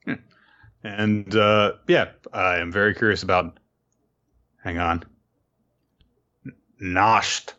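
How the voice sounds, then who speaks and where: A man's voice: lowish voice, steady tone, takes it slowly, long pauses, bright, forceful tone. Wry man on a dull lo-fi mic. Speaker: podcast co-host. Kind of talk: casual chat.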